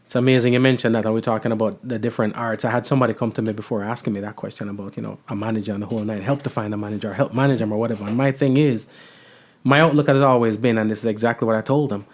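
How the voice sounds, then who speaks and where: A man hosting a talk show, asking long questions and affirming his guests in relaxed conversation. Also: lowish voice, rapid-fire. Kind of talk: casual interview.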